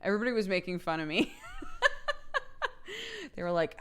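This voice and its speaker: A woman's voice: on the low side, normal speed, clear, resonant tone. A young woman streamer chatting casually late at night with her viewers, laughing often and reading chat aloud.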